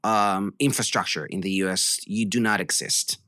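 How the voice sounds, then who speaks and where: A man co-hosts a business podcast, asking questions in a hesitant, thoughtful way and pausing with frequent "um"s. His voice sits on the low side but has a bright edge, recorded close and dry. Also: dry recording. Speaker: podcast co-host. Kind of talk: casual business podcast chat.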